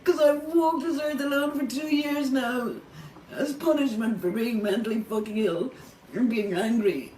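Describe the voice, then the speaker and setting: Speaking at normal speed in a warm, slightly high voice, a middle-aged Irish woman vlogs to camera from a motel room. Tearful and distressed, she swears heavily and breaks into angry outbursts, recorded off-mic in a roomy space with faint background hum.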